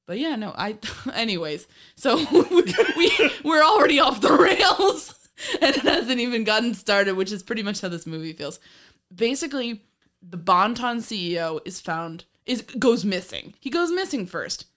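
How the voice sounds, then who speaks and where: A woman's voice: a little high, very animated, normal speed, a bit bright. A woman co-hosting a podcast, chatting casually about an old film, laughing often and swearing now and then. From Ireland. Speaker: podcast co-host.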